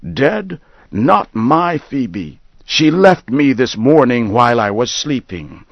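A man's voice: mid-range voice, very animated, slow, no echo, muffled recording, pitched above the performer's own voice, full character voice. A man voicing a confused, grieving old farmer who insists his dead wife is alive. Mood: insistent. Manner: insistent, pleading.

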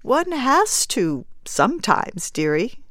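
A woman reading the lines of a kindly gray-haired older woman, soothing and gentle. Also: fairly high pitch, big pitch swings, slow, dry recording, clean studio sound, voice pushed up, heavily acted.

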